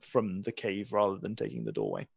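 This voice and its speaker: Gravelly game master narrating a tabletop game. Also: low-pitched, brisk. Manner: relaxed, laughing narration.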